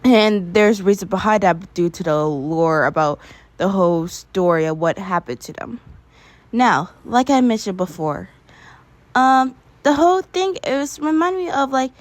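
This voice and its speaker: A young woman in casual chat, sharing excitable, rambling fan theories with frequent giggles. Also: mid-range voice, measured pace, no echo.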